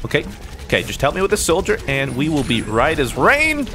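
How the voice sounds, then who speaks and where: A young man giving playful, jokey commentary over his own gameplay, swinging between excited yelps and mock-serious asides. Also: fairly high pitch, a little fast, a little hiss or hum. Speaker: gaming YouTuber.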